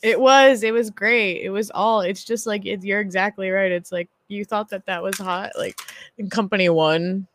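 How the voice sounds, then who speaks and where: A woman co-hosting a casual chat, animated and giggly, peppering her talk with "like". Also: mid-range voice, moderate pace, a little hiss or hum.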